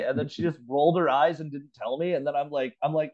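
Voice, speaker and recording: A man's voice: on the high side, fast, hardly any pauses. A man co-hosting a podcast from home over a remote call, telling a story in casual chat with lots of swearing and laughter. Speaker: podcast co-host. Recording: slightly dull, lo-fi remote audio.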